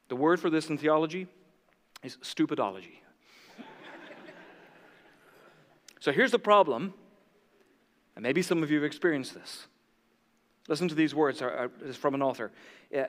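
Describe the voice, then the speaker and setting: A man preaching a sermon, animated and conversational, acting out the voices of his listeners. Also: on the high side, normal speed, long pauses, in a large hall. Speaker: pastor.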